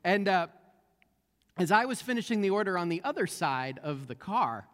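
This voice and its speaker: Man, pastor, sermon, slightly high voice, halting with fillers, long church reverb. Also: big pitch swings, fairly bright tone. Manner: storytelling with many fillers and restarts.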